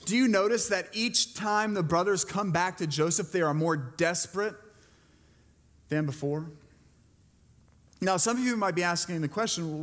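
A man's voice: sits high, normal speed, pauses often, fairly bright tone, in a large hall. A male pastor giving a sermon, retelling a Bible story in a conversational way and putting questions to the congregation. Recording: preached to a church congregation.

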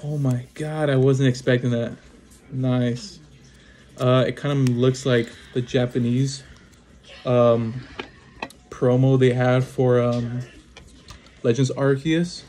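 A man giving casual unboxing commentary as he opens trading card packs, reading off cards one by one and breaking into excited exclamations and quick apologies. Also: medium pitch, slight background noise. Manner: names cards one after another, bursts into excited exclamations, apologizes often. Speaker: trading card pack opener.

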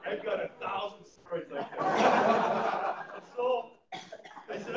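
A man who is a chaplain and funeral planning consultant, telling stories to a class in an animated, informal way and laughing at his own stories. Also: high-pitched, slow pace, very noisy. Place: church meeting room. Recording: echoey room, mic at a distance, dull sound.

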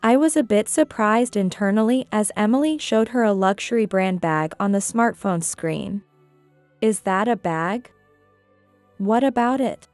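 A woman reading a scripted first-person story in a measured, even way. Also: medium pitch, no room sound. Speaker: narrator.

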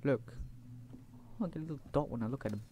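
A man's voice: medium pitch, quick pace, slight background noise. Chatty man playing a game. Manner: chatty and playful, breaking into loud excited outbursts. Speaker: gaming YouTuber. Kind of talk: let's play commentary.

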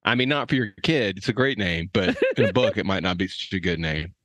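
A man's voice: low voice, expressive, brisk, fairly bright tone, no echo, clean studio sound. A man co-hosting a podcast, teasing his friends with wry jokes in casual banter. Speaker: podcast co-host.

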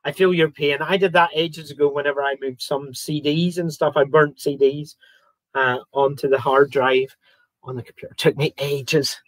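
Chatty man hosting a live quiz, fairly high voice, close dry mic, banters with viewers. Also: fairly even intonation, moderate pace, dry recording. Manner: chatty, reads out viewer comments and jokes around. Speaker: quiz host. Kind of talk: live-streamed quiz chat.

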